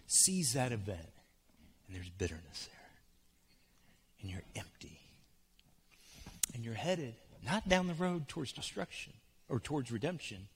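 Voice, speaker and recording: A man preaching a sermon, swinging from hushed, soft passages to loud, urgent pleading. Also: mid-range voice, big-room sound, slight background noise. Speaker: pastor. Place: church sanctuary.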